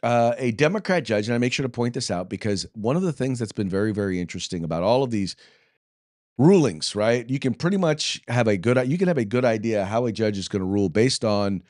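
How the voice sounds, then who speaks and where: A man's voice: on the low side, expressive, brisk, a little mellow, no echo, studio quality. An American man hosting a political commentary show, talking loosely with jokes, fillers and restarts. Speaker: podcast host.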